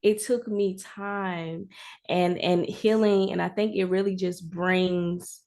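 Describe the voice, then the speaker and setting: A woman's voice: fairly low pitch, fairly even intonation, takes it slowly, darkish tone. A woman hosting a podcast, affirming and reflective as she responds to her guest. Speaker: podcast host. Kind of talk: casual interview chat.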